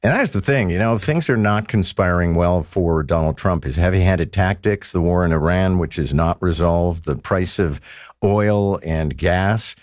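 A man's voice: deep voice, a little slow, no echo, studio quality. A man hosting a talk radio show, conversational with wry asides.

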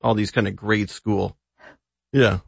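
A man's voice: fairly low pitch, level tone, unhurried, vocal fry, husky, dry recording. A man co-hosting a talk radio show, chatting in an easygoing way and laughing often. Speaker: radio show regular, co-host. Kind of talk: casual on-air chat. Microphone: studio mic, dry. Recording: slightly dull lo-fi broadcast audio.

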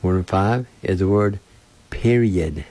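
Man, language teacher, very slow syllable-by-syllable delivery, low mellow voice. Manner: slow, deliberate, sounds out each syllable. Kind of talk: radio language lesson.

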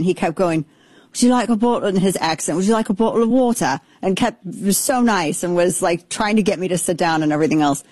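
A woman's voice: on the low side, a little mellow, no room sound. A woman in her thirties hosting a talk show, giving casual political commentary with rambling asides and blunt sarcasm. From Texas.

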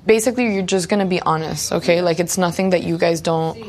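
A woman's voice: on the low side, fast, a little mellow. A woman who works at a youth center, talking casually and affectionately with the kids. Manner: affectionate, calls the kids "baby". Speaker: youth center staff member. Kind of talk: casual talk recorded on location. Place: community center indoors. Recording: noisy on-location field recording.

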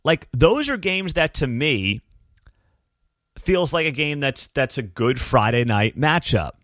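A man's voice: medium pitch, very animated, slow pace, a bit bright, no room sound, clean studio sound. A man hosting a live-streamed college football talk show, with sarcastic asides and talking straight to his viewers. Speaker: sports talk host.

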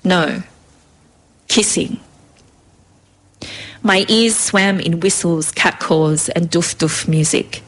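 Give me a woman reading her own story with vivid rhythm, slightly low. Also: steady tone, takes it slowly, long pauses. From Australia.

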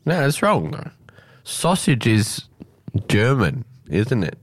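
A man's voice: medium pitch, very animated, slow pace, dry recording. A man hosting casual community radio, rambling and teasing his co-host. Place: radio studio.

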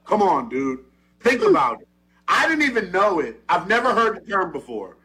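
A man co-hosting a talk show, teasing his co-host in casual banter and jumping up in pitch when he gets worked up. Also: normal speed, poor audio. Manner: animated, teasing, swings up in pitch when excited.

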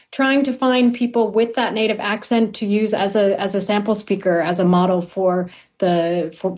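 A woman working as a dialect coach, explaining her work clearly in an interview, with some fillers. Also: on the high side, a little mellow. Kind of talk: interview answers.

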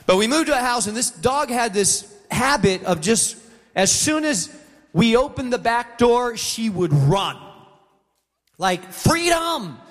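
A middle-aged pastor preaches a sermon in a large auditorium, with long hall reverb on the recording. His voice is very high-pitched and animated, a little slow, as he tells a story and acts out the voices of the people in it.

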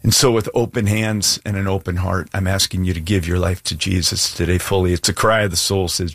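A man's voice: low voice, a little fast, hardly any pauses, husky, no room sound. A male pastor preaching an earnest, emphatic sermon and altar call, plain-spoken with casual asides.

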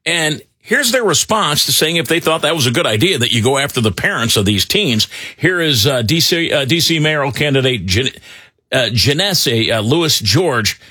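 Guy hosting talk radio, bright husky voice, super lively, dry close mic. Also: a little high, moderate pace, no echo. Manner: rambling, animated, with many fillers. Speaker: radio talk show host. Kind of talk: casual talk radio banter.

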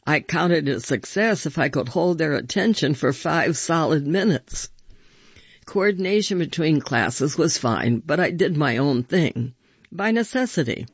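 A man reading first-person stories aloud with measured, expressive storytelling. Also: fairly high pitch, breathy edge, no echo, muffled recording.

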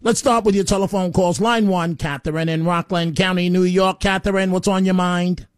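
A man's voice: high-pitched, fairly even intonation, normal speed, clean tone, dry recording, clean studio sound. A man hosting a call-in talk radio show, rambling and opinionated, often stammering as he restarts his sentences.

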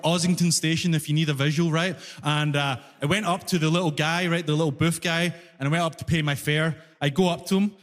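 A man doing a stand-up routine on a club stage, telling a story in an animated way and acting out the people in it. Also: on the high side. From immigrant to Canada. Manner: animated storytelling, acts out characters. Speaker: stand-up comedian. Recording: live venue reverb, faint crowd ambience.

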